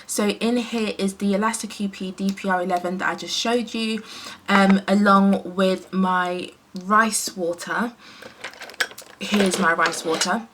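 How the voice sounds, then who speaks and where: A woman's voice: mid-range voice, fairly even intonation, a little slow, fairly bright tone, a little hiss or hum. A woman from the UK chatting casually while doing her hair, with many fillers and self-corrections. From United Kingdom. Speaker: hair vlogger. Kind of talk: casual rambling chat.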